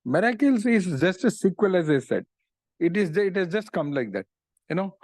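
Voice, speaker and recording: Middle-aged man, earnest devotional storyteller, slightly high voice, dry close sound. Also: sing-song, moderate pace, darkish tone, dry recording. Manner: earnest, retells stories with frequent "you know". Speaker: speaker on religious philosophy.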